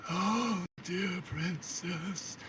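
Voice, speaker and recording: A man voicing a creepy, clingy male servant who speaks in a hushed, fawning, drawn-out way. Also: sits high, noisy background, voice pushed up.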